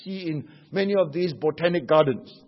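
A man's voice: fairly high pitch, normal speed, dull audio. A male preacher giving an emphatic sermon, explaining scripture with rhetorical questions.

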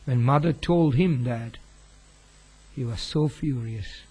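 A man's voice: medium pitch, takes it slowly, warm tone, breathy edge. A man preaching a sermon as a pastor, telling a story earnestly and rising sharply on key words. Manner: earnest, with sudden emphatic rises.

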